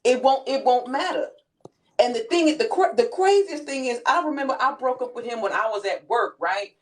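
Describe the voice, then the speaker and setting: Woman, twenties, live-stream host, animated storytelling, quoting others in character, fairly high voice. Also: a little fast. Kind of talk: casual live-stream chat.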